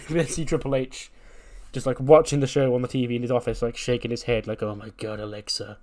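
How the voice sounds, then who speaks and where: A man's voice: medium pitch, fairly even intonation, a little fast, dark tone. A man casually narrating a wrestling sim playthrough in a rambling, swearing way. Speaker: game streamer.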